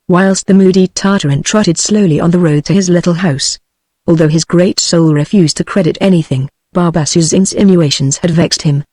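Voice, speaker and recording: A text-to-speech woman's voice with a British English accent, reading an audiobook in an even, unvaried synthetic manner. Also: fairly low pitch, no room sound. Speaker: narrator.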